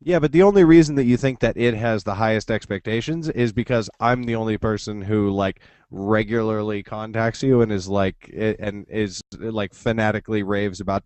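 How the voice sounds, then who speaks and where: A man's voice: on the low side, steady tone, normal speed, few pauses, darkish tone, clean tone, dry recording. A man hosting a podcast in casual chat, enthusiastic and rambling, swearing now and then. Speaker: podcast host.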